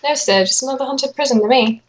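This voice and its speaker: A woman's voice: high voice, quick pace, a crowd in the background, natural voice, low-quality recording. A woman voicing an eager, loyal young female sidekick in an amateur fanfic read-aloud, earnest and polite. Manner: earnest, calls her boss sir.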